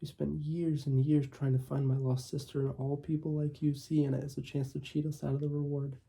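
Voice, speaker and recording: A man's voice: a little high, little pitch movement, a little fast, creaky, warm tone, slightly rough. A man voicing an angry young woman protecting her family, speaking in a bitter, accusing way.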